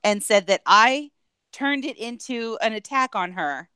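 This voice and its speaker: Woman co-host, giggly gossip storyteller, slightly high voice, dry close sound. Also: lively intonation, unhurried, bright, forceful tone, clear, resonant tone, no room sound. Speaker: stream co-host. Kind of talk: casual chat.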